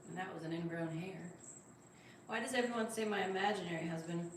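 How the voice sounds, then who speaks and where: A woman's voice: lowish voice, a little fast, a little hiss or hum. A woman hosting a casual livestream. She reads viewer comments aloud and coos at her cat. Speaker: livestream host. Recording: very echoey room, distant mic, faint ambience.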